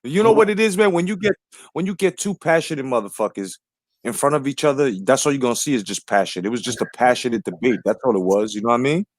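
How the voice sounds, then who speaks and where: A man's voice: mid-range voice, fast, dry recording. A man speaking as a panelist on a live sports talk show, laid-back and slangy, often saying you know.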